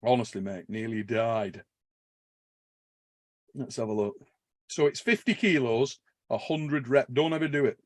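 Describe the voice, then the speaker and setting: A man's voice: medium pitch, unhurried, pauses often, no room sound, studio quality. A man hosting a podcast, telling a story in casual chat, swearing and laughing as he goes. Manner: animated, swears a lot, laughs while telling stories. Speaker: podcast host.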